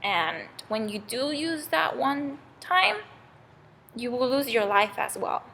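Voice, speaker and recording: A woman's voice: on the high side, sing-song, slow, pushed and bright, a little hiss or hum, exaggerated voice. A woman playing a stern king of the gods. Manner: scolding, firm. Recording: long reverb in a hall.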